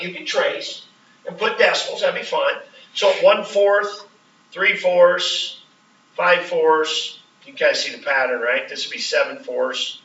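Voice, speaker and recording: A man's voice: a little high, sharp tone. A man teaching calculus in a classroom, asking questions and checking in with students as he explains. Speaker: math teacher. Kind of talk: classroom lecture. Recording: roomy, distant, dull classroom recording.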